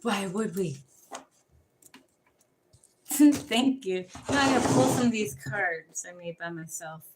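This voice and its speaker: A woman's voice: mid-range voice, expressive, slow pace, pauses often, very noisy. A woman giving a casual, rambling tarot reading. She swears freely and jumps from one topic to the next. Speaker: tarot card reader. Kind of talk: rambling casual livestream chat.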